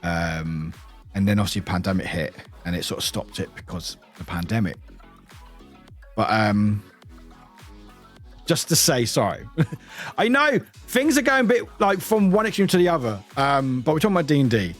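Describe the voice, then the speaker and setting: A man's voice: medium pitch, big pitch swings, moderate pace, long pauses, faint music behind. A young British man casually chatting on his live stream, swearing freely, laughing often and calling out viewers by name. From United Kingdom.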